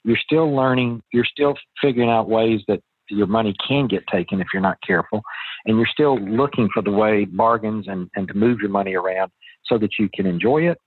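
A man's voice: on the low side, breathy edge, no echo. A middle-aged man talking as an interview guest, a chatty, folksy storyteller who often restarts his sentences. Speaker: real estate investor guest. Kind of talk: casual interview talk. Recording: tinny phone line.

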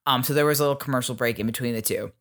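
A man's voice: medium pitch, very fast, a bit bright. A man hosting a podcast, telling a history story in casual chat with many ums. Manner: chatty, lots of ums. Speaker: podcast host.

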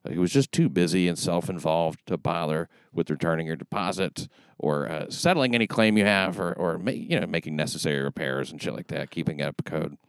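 A man hosting a comedy talk show with a New York accent, delivering ironic remarks in a dry, halting way. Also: low voice, clear, resonant tone, dry recording. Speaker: podcast host.

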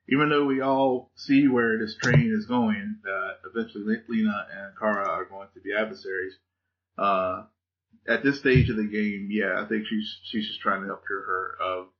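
Low-voiced hesitant man podcaster. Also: fairly even intonation, moderate pace. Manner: hesitant, many fillers and restarts, laughs often. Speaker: podcast co-host. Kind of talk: casual chat reviewing TV shows. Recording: dull lo-fi audio.

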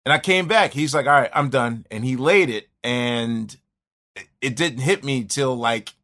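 Brief: bright, clear-toned man, rambling reflective storyteller. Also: mid-range voice, a little slow. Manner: rambling, reflective, many restarts. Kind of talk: casual storytelling chat.

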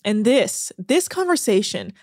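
A woman co-hosting a podcast, recapping a reality show in an animated, sarcastic way, laughing and swearing often. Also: medium pitch, a little slow, dry recording, clean studio sound. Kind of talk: casual chat.

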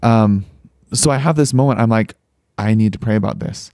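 A young man telling a personal story as a podcast guest, earnest and animated, with many filler words. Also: fairly low pitch, normal speed, dry recording, studio quality. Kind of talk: conversational storytelling.

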